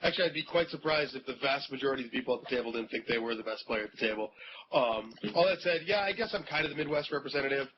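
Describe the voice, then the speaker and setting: A man's voice: mid-range voice, expressive, rapid-fire. A man from North Dakota answering interview questions in a dry, self-deprecating way. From North Dakota, USA. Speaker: interview guest. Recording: muffled, with noticeable background noise.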